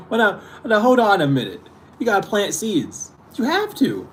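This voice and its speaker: A man's voice: sits high, wildly swooping pitch, normal speed, fairly bright tone, slight background noise. A young man hosting his channel, ranting casually with exasperation, frequent swearing and laughter. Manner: exasperated, profane, laughing often. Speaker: spiritual channel host.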